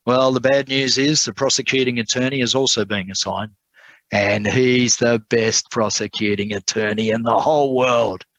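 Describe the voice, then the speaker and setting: A man's voice: mid-range voice, steady tone, moderate pace, fairly bright tone, no room sound, pitched above the performer's own voice, natural voice. A man voicing a blunt, mocking male prison official in a told sermon story.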